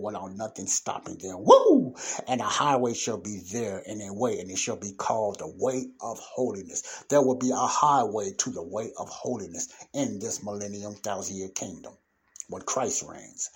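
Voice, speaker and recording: Male preacher, husky, mid-pitched, reads verses slow and stressed then chats through them. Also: darkish tone. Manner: reads scripture slowly and emphatically, then explains in casual talk. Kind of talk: informal Bible teaching.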